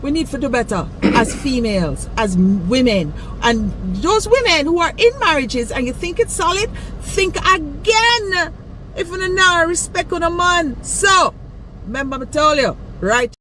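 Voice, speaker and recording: A Jamaican woman with a high voice lectures emphatically and drives her warnings home. She speaks outdoors, and faint traffic hums behind her. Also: expressive, unhurried, fairly bright tone, rough recording. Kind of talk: outdoor video rant.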